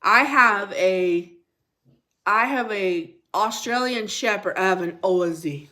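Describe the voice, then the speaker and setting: A woman's voice: mid-range voice, takes it slowly, sharp tone. A middle-aged woman hosting a casual livestream devotional chat, reading viewer comments and scripture aloud, repeating herself and unsure of pronunciations. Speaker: livestream host.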